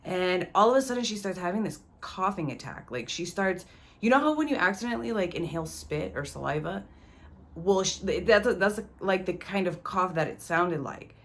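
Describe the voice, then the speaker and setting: A woman's voice: fairly low pitch, animated, brisk, fairly bright tone. Slangy young woman telling a story. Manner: slangy, profane, talks straight to the viewer. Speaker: vlogger. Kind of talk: casual storytelling.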